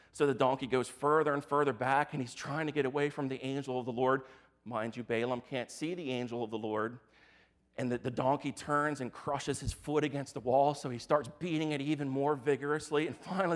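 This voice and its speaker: A male pastor preaching a sermon in a casual, animated storytelling way. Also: mid-range voice, normal speed.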